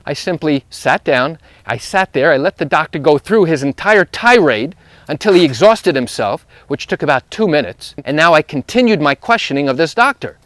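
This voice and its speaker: A man's voice: on the high side, animated, moderate pace, a bit bright, dry recording. A man who is a lawyer, telling a story emphatically while walking outdoors through a neighborhood. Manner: emphatic, repetitive phrasing, rising intensity when retelling. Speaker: personal injury lawyer.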